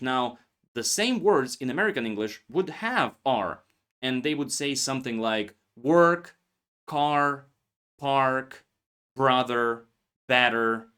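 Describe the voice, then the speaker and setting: A man teaching English pronunciation, saying single words slowly and clearly for learners to repeat. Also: medium pitch, fairly bright tone. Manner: slow, deliberate, stresses single words for repetition. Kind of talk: pronunciation lesson, word drills.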